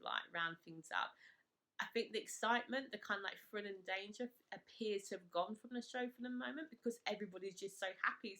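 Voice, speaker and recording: A woman's voice: mid-range voice, creaky, sharp tone. A woman vlogger chatting casually and enthusiastically as she recaps a reality show, with lots of "kind of, like" fillers.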